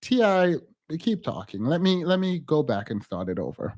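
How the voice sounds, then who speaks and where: A man's voice: on the high side, big pitch swings, moderate pace, noisy background. A man hosting reaction commentary, blunt and critical, with scoffing asides as he plays and judges clips. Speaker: host.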